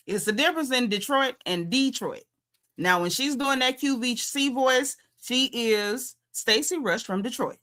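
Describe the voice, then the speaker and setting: A Southern American woman hosting a loose livestream recap, her voice bright and punchy. She talks in a sassy, emphatic, down-home manner, leaning hard into her points and repeating them for effect. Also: a little high, moderate pace, hardly any pauses. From Southern United States. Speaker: show recap host. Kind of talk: casual livestream commentary.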